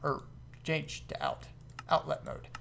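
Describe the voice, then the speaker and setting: A man giving casual commentary over his modded gameplay, excitable, laughing often and jumping to high-pitched exclamations. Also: slow pace, vocal fry, slight background noise. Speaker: gaming video host.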